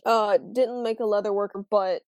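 A woman's voice: medium pitch, steady tone, normal speed, a little mellow, no echo, poor audio. A woman playing a tabletop game over an online voice call, speaking hesitantly as she searches for words. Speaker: player.

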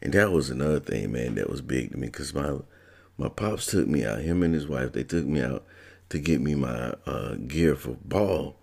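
Very deep gravelly laid-back man. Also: animated, normal speed, darkish tone. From Georgia, US. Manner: laid-back, laughs between lines. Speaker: storyteller. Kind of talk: casual spoken storytelling.

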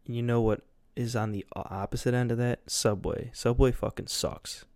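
A man's voice: mid-range voice, fairly even intonation, normal speed, vocal fry, few pauses, a little mellow, dry recording. A young man rambling casually as a podcast host, loose and goofy, with lots of fillers and swearing.

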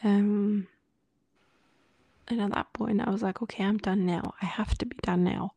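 A woman co-hosting a podcast, telling a personal story in casual talk, often sinking into a breathy near-whisper and acting out what others said. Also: medium pitch, steady tone, normal speed, warm tone, no echo. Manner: quotes others in dialogue with many fillers. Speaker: podcast co-host.

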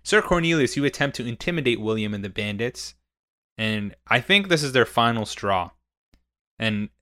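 Young man running a tabletop game, bright crisp voice, dry close sound. Laughs easily. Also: fairly low pitch, dry recording. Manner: laughs often, casual and upbeat. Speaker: game master. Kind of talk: narrating a tabletop game over a call.

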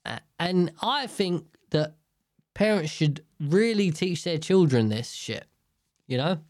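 A young solo podcaster rambles casually on his own, swearing often and cutting off his own sentences. His slightly high voice is expressive yet slow, with a darkish tone, recorded in studio quality with no room sound.

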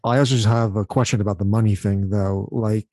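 A man hosting a podcast, asking questions in a relaxed, curious way. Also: on the low side, a little fast, dry recording, clean studio sound. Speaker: podcast host. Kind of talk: casual interview chat.

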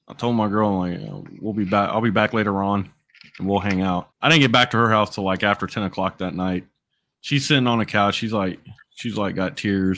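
A man's voice: sits low, fairly bright tone. Crude, laughing storytelling man. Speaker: podcast host. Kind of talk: casual chat.

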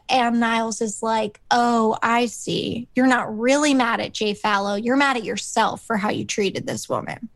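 A woman's voice: on the high side, creaky, dry recording. A woman co-hosting a podcast, recapping a sitcom episode in a rambling, casual way with lots of fillers, acting out the characters' lines. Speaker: podcast co-host.

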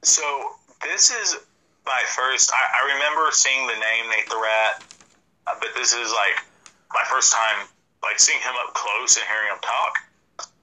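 A man's voice: medium pitch, unhurried, sharp tone, poor audio. A man co-hosting a casual wrestling chat, joking and rambling with frequent restarts. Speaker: podcast co-host.

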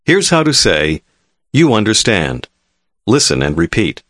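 Measured male language-course narrator. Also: fairly low pitch, dry recording, clean studio sound. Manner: calm, measured, clearly enunciated. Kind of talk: scripted instructional narration.

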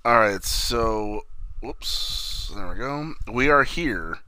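A man co-hosting a podcast in casual, profane chat, excitable and quick to swear. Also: medium pitch, dry recording. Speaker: podcast co-host.

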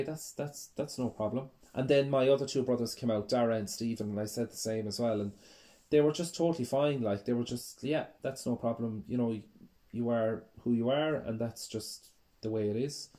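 A man's voice: mid-range voice, warm tone. A man with an Irish accent telling his own life story in a candid, reflective way, often hesitating and restarting. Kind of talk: personal storytelling.

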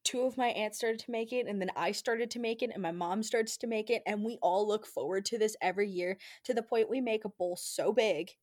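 A woman in a casual podcast chat, jokey and quick to jump in over others. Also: medium pitch, a little mellow.

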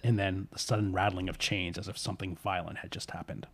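Guy telling a creepy tale, kinda low voice, laid back, does little voices for the people in it. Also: vocal fry, breathy edge. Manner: relaxed, voices characters' lines in quick asides. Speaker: storyteller. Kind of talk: casual spooky storytelling.

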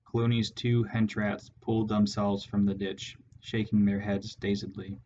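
Slow, flat-voiced male narrator. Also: on the low side, dull audio, a little hiss or hum. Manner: measured, steady reading. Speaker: audiobook narrator. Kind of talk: scripted narration.

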